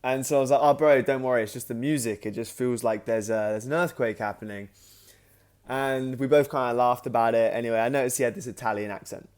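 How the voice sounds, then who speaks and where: A man in the middle of a casual vlog story, talking at a middle pitch. He loops back on himself with restarts and filler words. He livens up whenever he acts out what he said at the time. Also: fairly quick. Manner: animated anecdote, acting out his own past remarks; loose, with frequent restarts and "like". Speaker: creator and host of his own channel.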